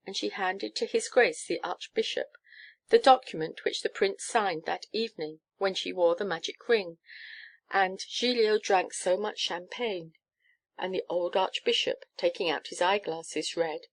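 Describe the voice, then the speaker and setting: A woman narrating a children's storybook aloud. Her reading is lively and expressive, with a voice of middle pitch. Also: unhurried. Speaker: audiobook narrator.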